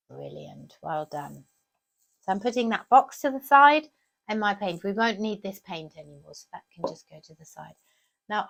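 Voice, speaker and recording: Lively woman teaching kids crafts. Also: mid-range voice. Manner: warm sing-song teacher talk with lots of questions to the kids. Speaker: children's craft presenter. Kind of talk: crafts tutorial for children.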